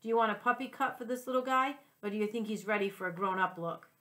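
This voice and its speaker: A woman's voice: mid-range voice, quick pace, pushed and bright, lightly acted. A cooing, sweet-voiced pet groomer woman, read by a teacher. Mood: cheerful. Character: cheerful, sweet-talking female pet groomer.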